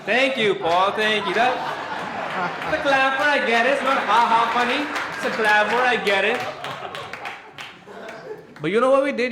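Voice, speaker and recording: A man's voice: high voice, animated, normal speed, pauses often, background noise. A young man, hosting a roast battle with crude, brash stand-up and crowd work from a club stage. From India. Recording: echoey club with crowd laughter.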